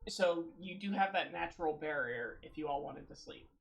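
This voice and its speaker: A woman with a lowish voice runs a tabletop roleplaying game as its game master. She talks in a hesitant way, full of ums and small laughs. Her narration is loose and conversational. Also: expressive, moderate pace.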